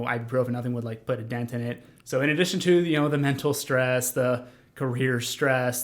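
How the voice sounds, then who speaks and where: A man's voice: medium pitch, a bit bright. A young man telling his own story as a podcast guest, earnest and rambling, with many fillers and restarts. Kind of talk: conversational storytelling.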